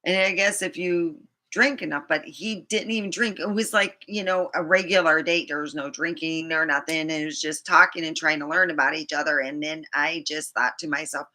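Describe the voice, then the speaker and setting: Bright-voiced woman venting, swearing. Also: low voice, steady tone, moderate pace. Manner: frustrated, swearing, rambling. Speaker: vlogger. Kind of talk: venting to camera.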